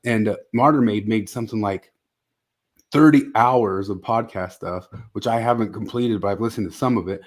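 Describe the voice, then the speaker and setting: A man's voice: on the low side, normal speed. Ranting male podcast co-host. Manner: exasperated, ranting, mocking. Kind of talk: casual podcast chat.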